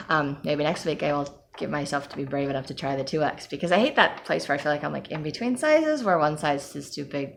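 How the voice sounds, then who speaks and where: A woman's voice: low voice, vocal fry, a little hiss or hum. A woman giving a candid, rambling personal update, with frequent ums and sighs. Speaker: vlogger.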